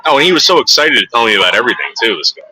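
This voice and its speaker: Brief: crude, digressive man in his forties, very bright tone, dry close recording. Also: mid-range voice, big pitch swings, rapid-fire, no room sound, poor audio. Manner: rambling, crude, digressive, frequent fillers. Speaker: storyteller. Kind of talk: rambling anecdote.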